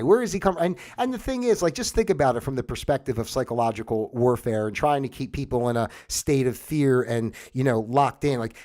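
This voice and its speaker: Rambling man hosting a livestream. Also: on the high side. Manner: rambling, many fillers and restarts; mocks a newscaster in a put-on solemn voice. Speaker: livestream host. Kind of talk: casual monologue.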